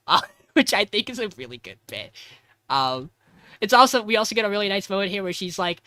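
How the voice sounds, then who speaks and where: A man co-hosts a casual anime podcast, telling the plot with lots of laughs and putting on the characters' lines as he goes. His voice is bright, and the sound is dry, with no room behind it. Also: sits high, a little fast, clear, resonant tone, no room sound. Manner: animated storyteller who acts out characters' lines; laughs often. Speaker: podcast co-host. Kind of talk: casual anime podcast chat and episode recap.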